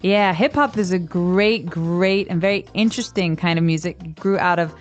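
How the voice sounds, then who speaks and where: A woman's voice: on the low side, moderate pace, lo-fi sound, soft background music. An American woman co-hosting a language lesson, chatting casually and explaining ideas, sometimes sounding things out. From United States. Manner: explanatory, demonstrates sounds aloud. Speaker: co-host.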